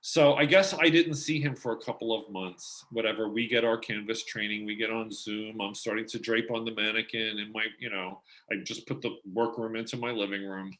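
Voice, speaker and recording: A middle-aged man telling his story as an interview guest, animated and acting out the voices of people he quotes. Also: fairly low pitch, moderate pace, few pauses.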